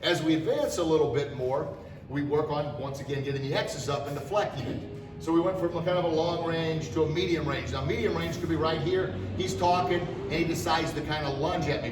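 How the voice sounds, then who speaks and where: A middle-aged man teaching a martial arts class, demonstrating self-defense moves with energy and sharp shouted strike cries. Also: on the high side, distant mic, noisy background. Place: martial arts studio, indoors. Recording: echoey studio, voice from off-mic.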